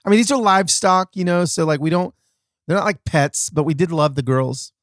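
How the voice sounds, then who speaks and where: A man's voice: a little high, brisk. A man with a slightly raised voice tells a casual story for his podcast. He exaggerates for laughs and often mocks himself. The sound is dry and close, with no trace of room echo. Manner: animated and self-mocking, with comic exaggeration and frequent restarts. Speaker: podcast host.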